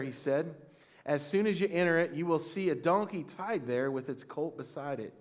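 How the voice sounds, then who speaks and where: A man preaching a sermon, reading scripture aloud and asking the congregation questions, with praise lines that rise toward shouting. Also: a little high. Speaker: pastor.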